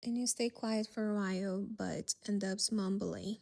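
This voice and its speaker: A woman hosting a solo podcast, telling a story in a gentle, reflective way. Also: medium pitch, steady tone, measured pace, gravelly. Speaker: podcast host.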